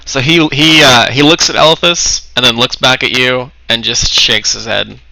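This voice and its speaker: A man runs a tabletop game as game master, describing the scene in an easygoing, halting way full of fillers. His voice is very bright. The sound is close and dry. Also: mid-range voice, fairly even intonation, gravelly, no echo, low-quality recording. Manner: easygoing, hesitant, with many fillers.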